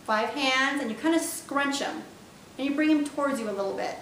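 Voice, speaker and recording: A woman with a fairly bright voice moves briskly through a step-by-step sign language lesson, patiently repeating every word as she demonstrates it. The mic is at a distance in an echoey room, and there's a faint background rumble.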